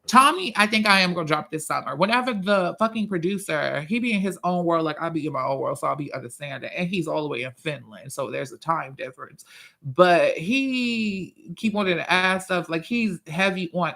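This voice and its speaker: A man hosting a casual livestream, reading viewer comments and chatting in a profane, drawn-out way. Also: high voice, animated, vocal fry, bright, forceful tone. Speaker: livestream host and musician.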